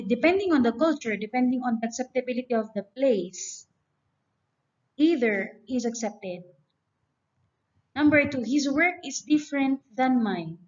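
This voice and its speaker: A woman giving a grammar lecture, explaining step by step and reading example sentences aloud. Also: high voice. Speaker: teacher. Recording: dull lo-fi recording.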